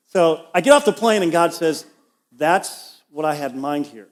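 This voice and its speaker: A man's voice: on the high side, expressive, moderate pace. A middle-aged man, a pastor, preaching a conversational sermon and telling a personal story with asides to the congregation. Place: church auditorium.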